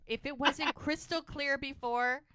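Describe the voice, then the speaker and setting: Brief: woman podcast host, bright tone, dry close mic, lively recap storyteller. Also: sits high, a little slow, dry recording. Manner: animated storyteller acting out scenes. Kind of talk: casual chat recapping a TV episode.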